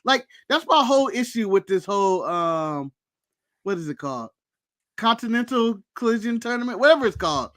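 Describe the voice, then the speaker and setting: A man's voice: high voice, animated, normal speed, fairly bright tone. An American man co-hosting a wrestling podcast, chatting casually with blunt, crude jokes. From United States. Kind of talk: casual chat.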